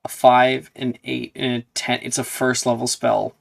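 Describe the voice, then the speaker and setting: A playful game master running a tabletop session over voice chat. The voice sits at an ordinary middle pitch, often breaking into laughter while calling on players and fixing their spell names. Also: little pitch movement, a little slow, creaky.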